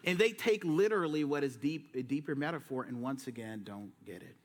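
A man preaching a sermon from a church, telling the story with lively voices and casual slang. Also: mid-range voice, brisk. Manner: lively storytelling, acting out Jesus and disciples in slang. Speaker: pastor. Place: church sanctuary.

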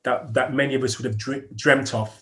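Give me an earnest, middle-aged British man in a relaxed interview. His voice sits in a plain middle register. He restarts phrases as he gathers his thoughts and laughs lightly now and then. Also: mid-range voice, brisk. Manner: earnest, repeats words as he thinks, chuckles often. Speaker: podcast guest. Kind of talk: reflective interview storytelling.

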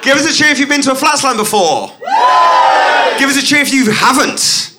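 A man's voice: very high voice, brisk, a loud crowd, very noisy. A man co-hosting a live comedy podcast, bantering and laughing as he tells stories on stage. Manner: excitable, laughing, animated storytelling.

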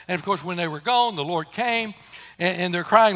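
A man preaching a sermon, swinging between loud emphatic lines and hushed low ones. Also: brisk. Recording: reverberant church hall.

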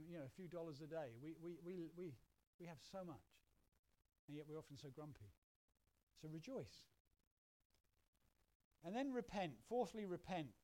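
A middle-aged man from England, preaching a conversational sermon and acting out quoted voices. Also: fairly high pitch. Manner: conversational, animated, acts out little quoted voices. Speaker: pastor.

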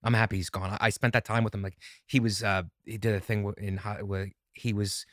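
A man in his forties with a fairly low voice speaks earnestly and reflectively, often repeating himself as he works through a thought. The recording is close and dry. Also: level tone, a little fast, fairly bright tone, no room sound. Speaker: podcast guest, comedian. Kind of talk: casual conversation.

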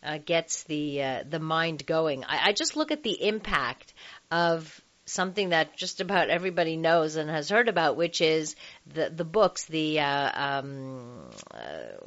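A chatty woman hosting a radio talk show on sex, her voice sitting a little low for a woman. She talks loosely with fillers and laughs easily. The audio sounds dull and lo-fi. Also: big pitch swings, a little slow, a bit bright.

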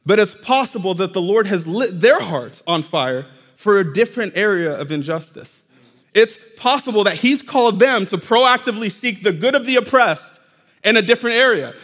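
A man preaches from the pulpit, and his voice sits fairly high. He talks to the congregation in a conversational way, checking in with them as he goes. Long reverb from the church hall trails after his words. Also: animated, normal speed, a bit bright. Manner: conversational, addresses congregation directly. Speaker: pastor. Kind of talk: sermon. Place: church sanctuary.

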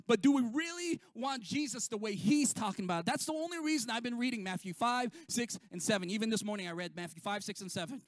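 A man delivers a sermon in a very high voice, pressing his points with emphatic repetition and sudden swings in loudness. The sound is dry and close, with no room around him. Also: no room sound. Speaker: pastor.

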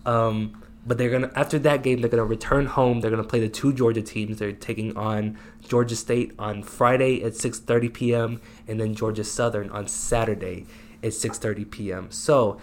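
Relaxed young man co-hosting a sports podcast. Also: on the low side, normal speed, a little hiss or hum. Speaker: podcast co-host. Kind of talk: casual sports podcast chat.

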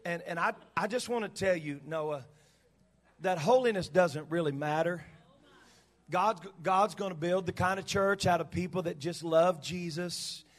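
A man doing a hushed, coaxing false prophetess. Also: sits high, unhurried, voice pushed down. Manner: hushed, soft, wheedling with stammered repeats. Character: sweet-talking false prophetess woman, coaxing and soothing. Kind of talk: preaching with acted illustration.

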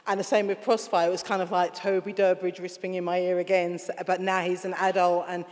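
Lively woman author chatting away, laughs a lot, does little voices, bit of reverb. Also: fairly low pitch, fast talker. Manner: animated, laughing, acts out quoted voices. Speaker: author being interviewed. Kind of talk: casual interview storytelling.

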